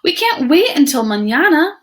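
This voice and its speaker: A woman's voice: high-pitched, very animated, moderate pace, a bit bright, voice pushed up. A woman voicing a hardworking iguana in a picture book who does everything herself. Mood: determined. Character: determined, hardworking female iguana.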